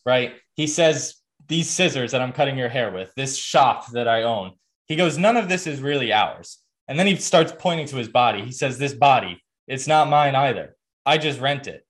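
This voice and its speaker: A man's voice: medium pitch, expressive, moderate pace, fairly bright tone. A young adult man hosting a podcast, telling a story in a casual, earnest way with lots of fillers and restarts. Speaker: podcast host.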